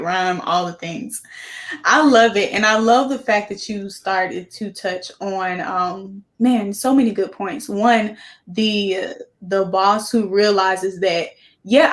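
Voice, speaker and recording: A woman hosting a casual talk show, warmly affirming her guest. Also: medium pitch. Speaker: host. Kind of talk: casual chat.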